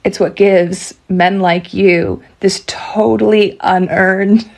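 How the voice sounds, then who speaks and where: A woman's voice: mid-range voice, fairly even intonation, takes it slowly, creaky. A woman in a debate delivering a cutting, scornful put-down.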